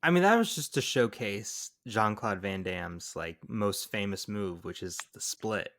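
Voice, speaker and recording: Excitable man riffing on a movie. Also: lowish voice, a little slow, no room sound, studio quality. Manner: animated, excitable, jumps into impressions. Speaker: podcast co-host. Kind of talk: casual movie-review chat.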